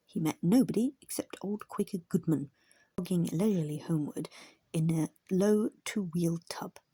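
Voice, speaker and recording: A woman narrating a classic storybook in a soft, hushed reading. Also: lowish voice, breathy edge, no echo. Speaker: audiobook reader.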